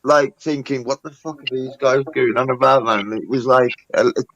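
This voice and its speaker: A man's voice: medium pitch, steady tone, normal speed, fairly bright tone, highs cut off. A man on a livestream panel talking brashly, mocking others and swearing heavily. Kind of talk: casual banter.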